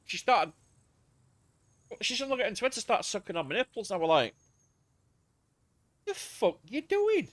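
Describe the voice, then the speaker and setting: A man's voice: high voice, lively intonation, fast, long pauses, a bit bright. A man, streaming a game and rambling crudely in casual chat.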